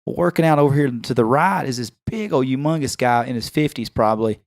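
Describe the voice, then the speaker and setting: A man's voice: mid-range voice, fast talker, dry recording, studio quality. A man with a Tennessee accent telling a story on a casual podcast, acting out the other people's voices as he goes. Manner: animated, acts out quoted voices. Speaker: podcast host.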